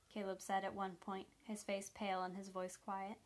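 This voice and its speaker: A woman narrating an audiobook in a measured, even reading. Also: medium pitch. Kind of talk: scripted narration.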